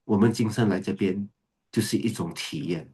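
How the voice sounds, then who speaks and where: A man's voice: fairly low pitch, normal speed, dark tone, slightly rough. A man giving an earnest, emphatic Buddhist dharma talk, often repeating key words. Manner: earnest, repetitive, emphatic, switches to Mandarin. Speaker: Buddhist teacher. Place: video call recording.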